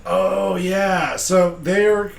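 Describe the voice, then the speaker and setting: A deep-voiced man talks through a tabletop session recap in a loose, digressive way. He laughs easily and keeps the tone casual. His voice rings in a roomy, echoey space. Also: steady tone, drawn-out words, creaky. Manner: chatty, digressive, laughs often. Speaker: game master recapping a session.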